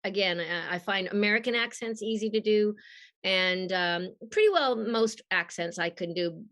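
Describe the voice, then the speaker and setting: A woman from Australia with a mid-Atlantic accent and a husky voice, an animated storyteller who laughs often, chatting as a guest on a video call. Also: mid-range voice, moderate pace. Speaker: guest voice actress. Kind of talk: casual interview.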